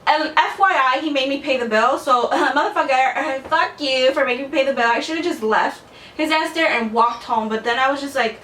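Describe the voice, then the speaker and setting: A high-voiced young woman chats to camera about her dating life, blunt and casual, with a lot of "like" and plenty of swearing. She sounds a little far from the mic in an echoey room with faint room noise. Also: moderate pace, fairly bright tone. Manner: chatty, blunt, swears freely, lots of "like". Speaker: vlogger.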